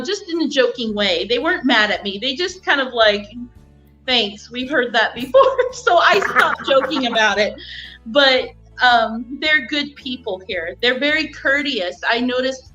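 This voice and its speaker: A woman's voice: on the high side, bright, forceful tone, highs cut off. A woman chatting casually on a live stream, telling stories and acting out what people say, laughing often. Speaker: guest.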